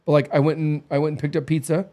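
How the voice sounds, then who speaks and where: Animated man telling candid stories. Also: fairly high pitch, fast talker. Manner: candid, animated storytelling with acted quotes. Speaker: podcast co-host. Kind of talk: casual chat.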